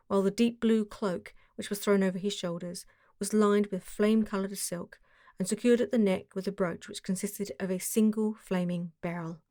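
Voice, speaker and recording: A woman's voice: mid-range voice, warm tone, no echo. Woman reading an audiobook, dry close sound. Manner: measured and descriptive. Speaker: audiobook narrator. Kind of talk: scripted narration.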